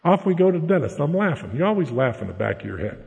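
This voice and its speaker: A man's voice: a little high, very animated, fast, gravelly, darkish tone, dull audio. A man telling a humorous personal recovery story in a folksy way, often tagging his lines with "okay?". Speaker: speaker sharing a recovery story. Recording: echoey hall.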